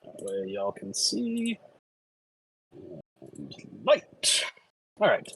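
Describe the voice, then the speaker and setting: Lively man running a tabletop game. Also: on the low side, very slow, slight background noise, poor audio. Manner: relaxed, casual, with fillers. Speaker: game master.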